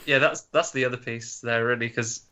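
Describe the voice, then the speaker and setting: A man co-hosting a casual film review chat, acting out characters in quick asides. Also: mid-range voice, steady tone, sharp tone. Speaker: podcast co-host. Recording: dull lo-fi audio.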